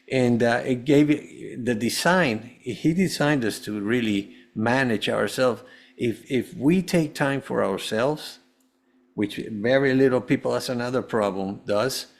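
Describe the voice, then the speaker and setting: A man with an average pitch speaks as a podcast guest, recounting his life in an earnest, rambling manner. He circles back and restarts phrases often. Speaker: guest, holistic health coach. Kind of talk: personal storytelling in an interview.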